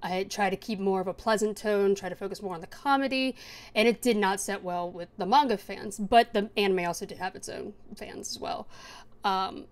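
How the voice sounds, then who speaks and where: A woman's voice: mid-range voice, moderate pace. A young woman co-hosting a podcast, chatting casually and enthusiastically about anime and laughing often. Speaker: podcast co-host. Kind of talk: casual anime review chat.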